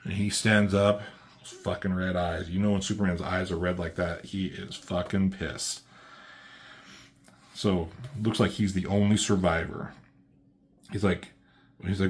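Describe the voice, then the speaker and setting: A man giving a casual, excited comic book review, swearing freely as he walks through the pages. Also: low voice, unhurried. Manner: excited, loose, swears often.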